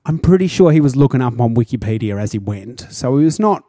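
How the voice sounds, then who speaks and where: A man with an Australian accent chats casually on a podcast, telling wry stories and laughing often. His voice sits in the middle and sounds dark and mellow. The sound is dry and close. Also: medium pitch, lively intonation, fast, no echo. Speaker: podcast co-host. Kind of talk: casual chat.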